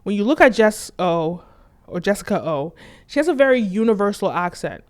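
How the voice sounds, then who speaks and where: A woman's voice: medium pitch, sing-song, normal speed. A woman hosting her channel, explaining things in casual commentary and leaning on filler words like "right?" and "like". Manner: conversational, leans on "right?" and "like". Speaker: channel host.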